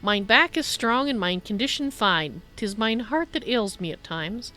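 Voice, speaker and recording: Formal old-timey blacksmith guy read out by a woman, slow and stiff, faint game music behind. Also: a little high, animated, sharp tone. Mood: formal, weary. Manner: slow, archaic formal speech. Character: formal old-fashioned male blacksmith guard.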